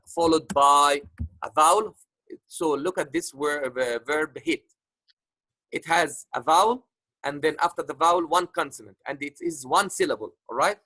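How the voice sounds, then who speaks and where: A man's voice: a little high, bright, forceful tone, dry recording, poor audio. A man teaching an online grammar lesson, patient, repeating points with many fillers. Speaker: English teacher.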